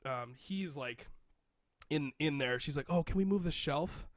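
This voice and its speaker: A man's voice: fairly high pitch, measured pace, no room sound, clean studio sound. A man in his thirties casually telling a rambling story on a podcast, acting out the people he quotes. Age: 30s. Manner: rambling, animated, acts out quotes. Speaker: podcast co-host.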